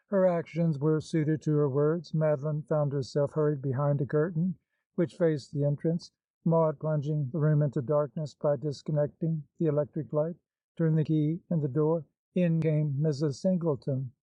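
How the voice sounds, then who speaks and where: A man reading a classic novel aloud as audiobook narrator, measured and even. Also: on the high side, no room sound. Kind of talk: scripted narration. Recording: slightly dull, dry recording.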